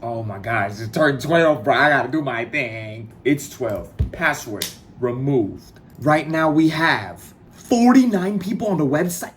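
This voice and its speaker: A man's voice: mid-range voice, unhurried, slight background noise. A young man, a clothing brand owner, chatting casually to his viewers in a slangy vlog. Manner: relaxed, slangy, talks straight to viewers.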